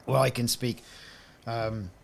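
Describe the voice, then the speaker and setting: Guy streaming a space game, rambling, chatty, mid-pitch, talks a lot. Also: fairly even intonation, slow pace, creaky. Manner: chatty, rambling, self-interrupting. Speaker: gaming streamer. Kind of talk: live-stream gameplay commentary.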